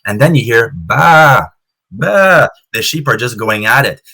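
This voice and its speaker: A man's voice: on the low side, a little fast, sharp tone. A man chatting as an interview guest over a video call, telling stories with easy laughs and repeated words. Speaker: interview guest, clan society founder. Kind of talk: casual storytelling interview. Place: home in Canada.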